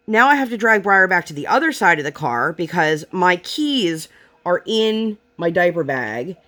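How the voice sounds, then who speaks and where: A young Pennsylvania mom who vlogs sits at her craft table at home, chatting casually about her day while she works on a project. Her voice is lowish with a fairly bright tone, and her Pennsylvania American accent comes through as she retells the day in frustration, packing in plenty of fillers.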